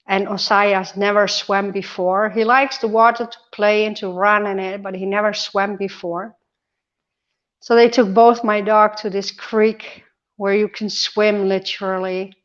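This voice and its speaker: A vlogger talks casually to her phone camera from a hospital ward, holding the phone close. Her mid-range voice has a level tone and a slightly slow pace, and the highs in the recording are cut off. She's chatty and emotional, tearful at times, in this hospital-bed vlog.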